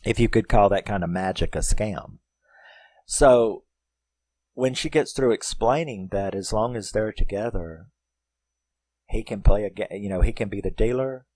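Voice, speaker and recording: A man's voice: fairly low pitch, a little mellow, no echo. A man giving a casual spoken film recap, rambling and profane, full of filler words. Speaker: film reviewer.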